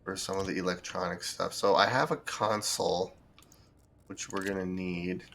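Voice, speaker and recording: A man streaming a building game, thinking aloud in relaxed commentary as he sorts items and plans what to build. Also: low-pitched, normal speed, gravelly, a little hiss or hum. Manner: thinks aloud, with fillers and restarts. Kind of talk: casual gameplay commentary.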